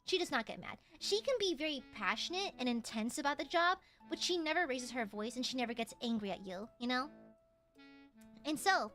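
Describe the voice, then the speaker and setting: Animated, high-voiced woman streamer. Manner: animated, exclaiming, swears freely. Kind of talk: casual storytelling on a live stream.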